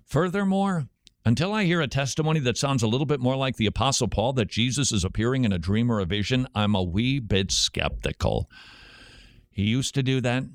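Animated radio host guy, chatty, bouncy pitch, dead dry room. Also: fairly quick, dry recording. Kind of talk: radio show answering questions.

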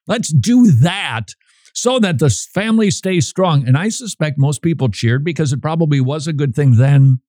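A man's voice: mid-range voice, dark tone, no echo, clean studio sound. A man hosting a show, giving casual, opinionated commentary in a conversational, emphatic way.

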